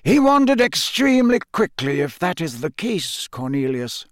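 A man doing a calm old headmaster wizard. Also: high voice, moderate pace, dry recording, voice pushed up. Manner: calm, quiet, dry.

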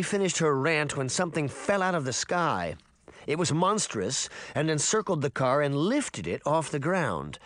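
A man's voice: on the high side, normal speed, no room sound. A man narrating a children's fantasy novel as an audiobook. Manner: expressive storytelling. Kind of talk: scripted narration.

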